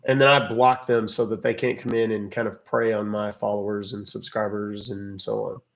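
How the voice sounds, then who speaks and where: A man's voice: fairly low pitch, little pitch movement, moderate pace, creaky. A man hosting a livestream, chatting casually with viewers, wisecracking and swearing offhandedly. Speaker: livestream host calling scammers.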